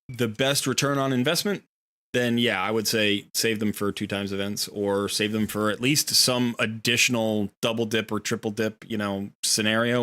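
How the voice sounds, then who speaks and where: A man's voice: fairly low pitch, pushed and bright. A man hosting a casual game livestream, chatting and telling a long rambling story with playful voiced asides. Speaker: game streamer. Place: home room near a window.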